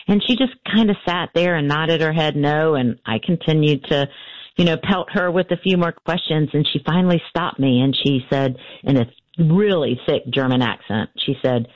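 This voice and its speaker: A woman, a guest in an interview, telling a family story in a halting way with fillers and restarts. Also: deep voice, no echo, lo-fi sound. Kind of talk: storytelling in conversation.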